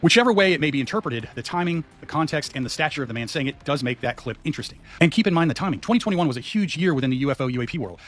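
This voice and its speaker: A man's voice: medium pitch, a bit bright. A man giving casual commentary on a video clip, posing questions to viewers.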